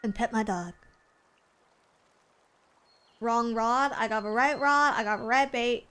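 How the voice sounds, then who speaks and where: A woman's voice: a little high, a little slow, a bit bright, slight background noise. A woman streamer chatting casually over a fishing game, teasing and coaxing in a playful, flirty way. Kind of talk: casual gameplay commentary.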